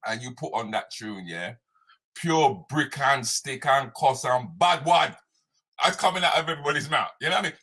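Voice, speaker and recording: Man, live show host, lively swinging pitch, bright. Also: normal speed, husky. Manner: animated, playful, repetitive banter. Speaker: comedian hosting a live morning show. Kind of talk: live morning chat show, reading viewer comments.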